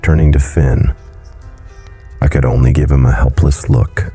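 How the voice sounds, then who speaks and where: A man narrating a horror story in a low, brooding delivery. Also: steady tone, a little slow, warm tone, husky, faint music behind.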